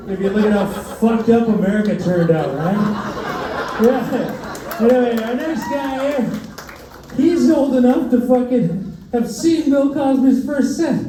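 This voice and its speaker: A man's voice: very high-pitched, warm tone, slight background noise. A man working as emcee, introducing the next comedian in a brash, profane, teasing way. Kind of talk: stand-up club introduction. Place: comedy club stage. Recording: roomy club audio from far off. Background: laughing crowd.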